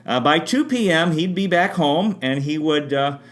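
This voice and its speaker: A man's voice: on the high side, expressive, normal speed. A man giving an unscripted history talk with spiritual asides, often restarting and correcting himself mid-sentence. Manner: rambling, frequent restarts and self-corrections. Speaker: history presenter.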